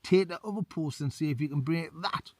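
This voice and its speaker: A man's voice: on the high side, brisk, a little mellow, no room sound, close to an everyday voice. A man voicing a scowling, taunting dwarf spirit. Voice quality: blokey mate-talk.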